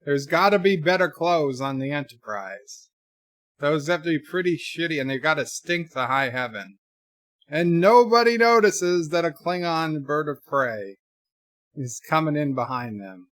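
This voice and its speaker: A man's voice: fairly high pitch, lively intonation, measured pace, a bit bright, no room sound, studio quality. A man casually commenting on a film while reading viewer chat aloud, with wry, sarcastic asides and frequent fillers. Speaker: streamer watching a film with chat.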